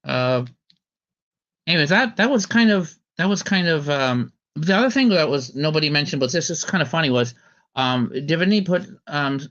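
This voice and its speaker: A man's voice: on the high side, lively intonation, moderate pace, a bit bright. A man hosting a casual podcast commentary chat, rambling with many ums and restarts. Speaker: podcast host. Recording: slightly dull lo-fi audio.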